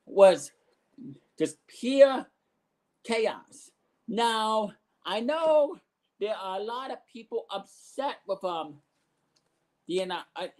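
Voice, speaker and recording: A man recapping a wrestling show as its commentator, rambling with restarts and bursts of excitement. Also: sits high, poor audio.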